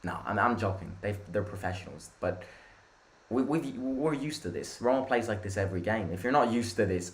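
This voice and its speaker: Excitable Italian man streaming a match. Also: medium pitch, normal speed. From Italy. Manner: excitable, reacting loudly to play. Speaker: football watchalong streamer. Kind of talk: live match watchalong commentary.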